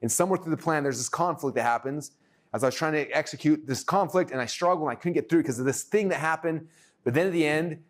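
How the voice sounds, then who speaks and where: Fast-talking excitable male workshop teacher. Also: medium pitch. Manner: energetic, excitable, acts out his own thoughts.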